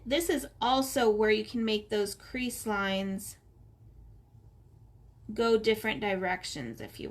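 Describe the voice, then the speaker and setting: A middle-aged woman with a mid-range, sharp-toned voice works as an art instructor in her home office. She chats unhurriedly through a relaxed coloring tutorial, giving step-by-step instructions.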